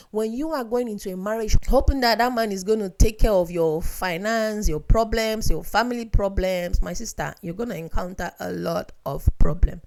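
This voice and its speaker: A woman's voice: mid-range voice, a little mellow. Young woman vlogger, earnest and direct, lecturing viewers like a big sister. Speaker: vlogger giving relationship advice. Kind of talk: casual advice monologue.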